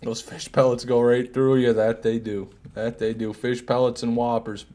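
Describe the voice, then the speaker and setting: A man's voice: medium pitch, flat delivery, normal speed, warm tone. A man streaming a game live, teasing and bantering with his chat. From United States. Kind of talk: live gameplay commentary.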